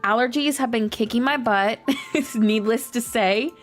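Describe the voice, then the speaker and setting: A woman game streamer with a scratchy, hoarse voice, chatting casually and rambling with lots of "like" while she plays. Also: on the high side, unhurried, faint music behind. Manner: chatty, rambling, heavy use of "like". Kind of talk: casual livestream chat while playing.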